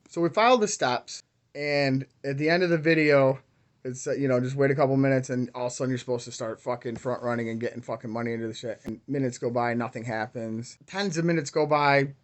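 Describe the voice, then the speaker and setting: Casting note: a man as a rambling, profane vlogger with a middle-pitched voice, heated and swearing nonstop. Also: fairly quick. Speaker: crypto YouTuber. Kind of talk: profane ranting vlog.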